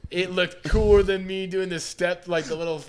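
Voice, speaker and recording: A young man, a moto rider, telling stories in a casual chat, laid-back and swearing, often trailing off into soft asides. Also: high-pitched, fairly even intonation, normal speed, crowd noise.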